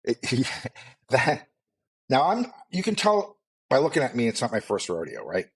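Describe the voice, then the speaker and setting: A man's voice: medium pitch, huge pitch swings, a little slow, husky. A middle-aged man with a mild Maine accent, co-hosting a podcast in a loose, rambling chat full of fillers and asides. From Maine, USA. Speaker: podcast co-host. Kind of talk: casual chat.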